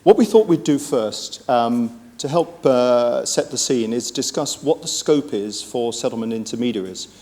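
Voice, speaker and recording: A man's voice: medium pitch, lively intonation, moderate pace, few pauses, a little mellow. A man moderating a conference panel in a friendly, conversational way with frequent fillers.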